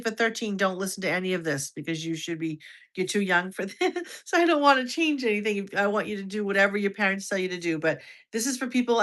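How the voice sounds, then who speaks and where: American woman, 50s, livestream host; lower-pitched, chatty, casual, restarts sentences and answers comments. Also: a bit bright. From United States. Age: over 50. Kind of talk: casual livestream chat with viewers.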